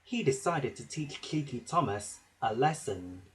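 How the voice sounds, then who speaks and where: A man narrating a children's story with a slow, expressive reading. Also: medium pitch, poor audio.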